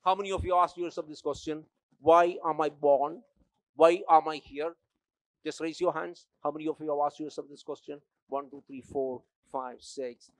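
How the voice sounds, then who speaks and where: A man's voice: high voice, no room sound. An older man from India with an Indian accent, giving an emphatic, exhorting motivational keynote speech that addresses the crowd directly. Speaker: keynote speaker.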